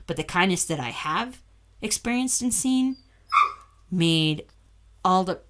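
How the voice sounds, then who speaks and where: A woman's voice: fairly low pitch, animated, slow pace, background noise. A woman hosting a casual livestream from home into a desk microphone, candid and chatty, often breaking off to talk to her dog. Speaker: livestream host. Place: at home indoors.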